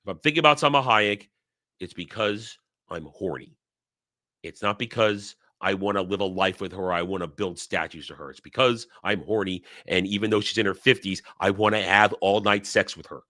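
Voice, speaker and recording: A man's voice: on the low side, normal speed, bright, forceful tone. A man hosting his own commentary channel, ranting bluntly and crudely in casual talk, with many restarts and mocking quotes. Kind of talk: casual opinion rant.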